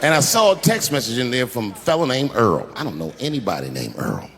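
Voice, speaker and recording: A middle-aged man doing a stand-up comedy routine, telling a story with lively acted-out quotes. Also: mid-range voice, a little fast, creaky. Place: large theater stage. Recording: reverberant hall with crowd noise. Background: audience laughter.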